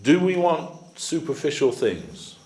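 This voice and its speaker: A man's voice: fairly high pitch, sing-song, slow pace, reverberant, noisy background. A man giving a storytelling sermon as a spiritual teacher, conversational with many fillers. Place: temple hall.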